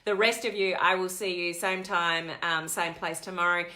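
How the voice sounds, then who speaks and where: A woman coach talking live to her online community, telling a digressive story in an animated way. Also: fairly low pitch, moderate pace. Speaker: network marketing coach. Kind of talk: live-stream chat to viewers.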